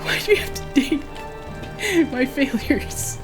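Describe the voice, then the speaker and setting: Unhurried woman gamer over game music. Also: high-pitched, animated. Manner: chatty, talks to herself and viewers, jumpy shrieks at enemies. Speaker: gaming streamer. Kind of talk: casual let's-play commentary.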